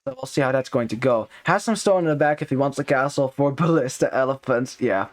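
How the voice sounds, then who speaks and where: A man casting a strategy game match live, talking in a chatty, upbeat way with many fillers and quick self-corrections. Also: mid-range voice, lively intonation. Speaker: esports caster.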